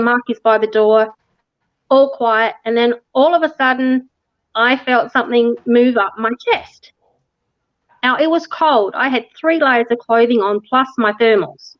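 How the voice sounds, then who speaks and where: Woman guest, high voice, lively storyteller who laughs and acts out the dialogue, close dry sound. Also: no room sound, lo-fi sound. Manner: animated, laughs often, acts out quoted dialogue. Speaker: interview guest recounting a ghost tour. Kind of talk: casual storytelling.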